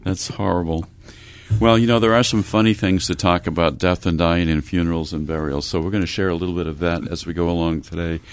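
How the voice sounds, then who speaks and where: A man's voice: low-pitched, fairly even intonation, a little fast, clear, resonant tone, no room sound. A middle-aged man hosting a radio talk show, folksy and speaking straight to listeners. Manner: folksy, addresses listeners directly. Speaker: radio host.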